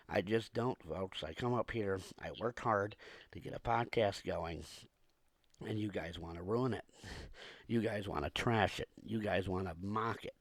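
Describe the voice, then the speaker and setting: A man hosting a podcast, hoarse and coughing from a cold, ranting in a repetitive, aggrieved way with many pauses. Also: low-pitched, no room sound. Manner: repetitive, aggrieved, pausing often. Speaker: podcast host. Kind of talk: ranting monologue to listeners.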